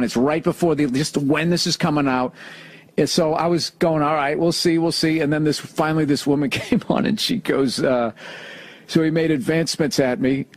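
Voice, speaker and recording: A man's voice: on the high side, fairly even intonation, brisk. A man from the United States telling a profane, sarcastic story in a heated rant on his podcast. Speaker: comedian podcaster. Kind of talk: ranting podcast monologue.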